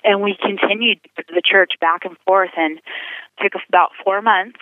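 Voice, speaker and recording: A woman's voice: medium pitch, steady tone, normal speed, no room sound. A woman earnestly telling her life story as a guest, calling in by telephone. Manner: earnest, vivid storytelling with acted quotes. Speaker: guest sharing a testimony. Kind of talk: personal testimony over the phone. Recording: tinny phone line, dry.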